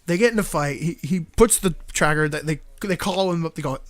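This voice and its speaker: A man hosting a live stream show, rambling through a movie plot in a casual, animated way with frequent laughter. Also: a little high, fairly quick, no room sound. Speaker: show host.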